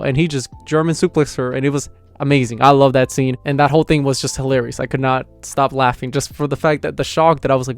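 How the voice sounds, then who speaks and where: A young man excitedly recapping an anime episode in slangy, casual talk. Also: medium pitch, quick pace, few pauses, clear, resonant tone, dry recording, faint music behind. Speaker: anime reviewer.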